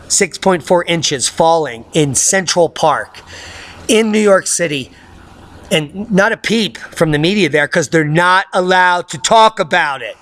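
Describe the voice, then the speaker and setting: This is a man hosting his own weather commentary, who mocks the mainstream forecasters with sarcastic asides. His voice sits high for a man and has a bright, sharp edge. He talks combatively. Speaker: weather channel host. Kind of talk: ranting commentary on news.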